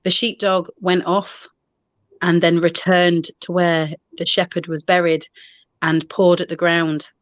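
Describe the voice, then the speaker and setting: Woman, lowish voice, rambling chatty storyteller, dull video-call sound. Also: little pitch movement, a little slow, dry recording. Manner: chatty, rambling with restarts and fillers. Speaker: paranormal investigator and show co-host. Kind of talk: casual storytelling on a live online show.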